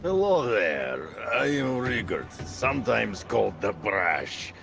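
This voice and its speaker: An actor playing a boastful, forgetful male Nord diplomat in a game, speaking in a halting, broken-English accent. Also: fairly low pitch, big pitch swings, gravelly, music in the background, exaggerated voice. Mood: pompous. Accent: broken-English put-on accent. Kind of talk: game voice acting.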